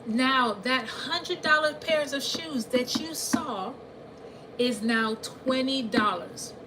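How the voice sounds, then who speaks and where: Brief: woman money coach, higher voice, animated, faint noise behind. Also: slow. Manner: animated, repeats herself, asks listeners if they hear her. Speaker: financial coach. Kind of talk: live coaching session.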